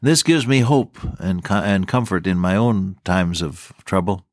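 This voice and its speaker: A man's voice: deep voice, measured pace, dry recording, studio quality. A man preaching a sermon in an earnest, fervent old-style manner, quoting scripture as he speaks. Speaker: radio preacher.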